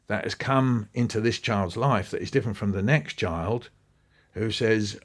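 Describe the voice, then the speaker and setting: A man with a slightly low voice, interviewed about teaching and speaking easily, as if chatting. He builds his points through stories and brief acted-out quotes, and he often circles back with restarts and asides while he thinks. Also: normal speed. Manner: animated storytelling, acting out quoted voices. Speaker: guest speaking on education. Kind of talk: relaxed conversational interview.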